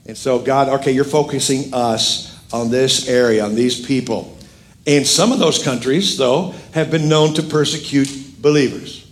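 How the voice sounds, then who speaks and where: A man's voice: mid-range voice, measured pace. A middle-aged male pastor preaching a sermon, telling a story with jokes and acting out the other people's lines. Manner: animated, jokey storytelling with quoted voices.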